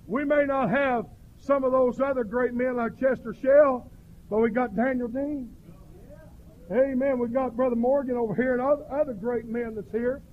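A middle-aged man preaching a fervent revival sermon that swells into shouted cries. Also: very high voice. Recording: dull lo-fi recording.

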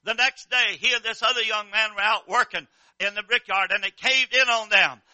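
An older man preaching a revival sermon with a fervent, repetitive cadence, dropping to low murmurs and rising to shouted cries. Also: steady tone, moderate pace, no echo.

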